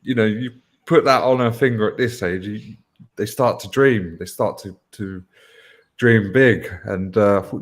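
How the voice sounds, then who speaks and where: Brief: man, lowish voice, wry storyteller, casual group chat co-host. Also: measured pace.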